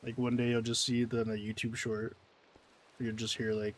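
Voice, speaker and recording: A man's voice: mid-range voice, level tone, moderate pace. Rambling male gaming streamer. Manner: rambling, self-deprecating, reading chat. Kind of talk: casual gameplay commentary.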